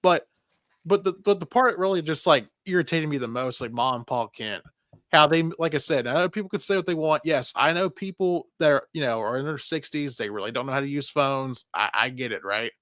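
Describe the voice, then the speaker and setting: On a casual movie review podcast, a male co-host curses freely and does animated, mocking voices. His voice sits on the high side at a fairly quick pace, recorded dry with studio quality.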